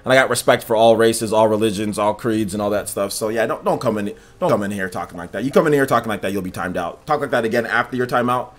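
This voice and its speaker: A man streaming gameplay live, talking to his chat in an animated, repetitive way. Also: lowish voice, fast, hardly any pauses. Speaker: gaming livestreamer.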